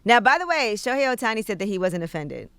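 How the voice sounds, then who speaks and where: A radio co-host delivering news items briskly in a morning show discussion. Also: mid-range voice, very animated, bright, forceful tone, slight background noise. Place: radio studio.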